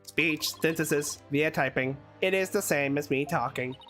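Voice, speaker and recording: A woman voicing a terse, flat, robotic-sounding male bomb disposal expert in a game read-along. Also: low voice, moderate pace, soft background music, voice pushed down. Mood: deadpan. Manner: clipped, monotone, terse.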